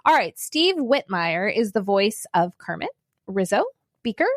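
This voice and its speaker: A woman's voice: medium pitch, very animated, a little slow, no room sound, clean studio sound. A woman co-hosting a podcast in casual chat, sharing trivia and laughing often. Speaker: podcast co-host.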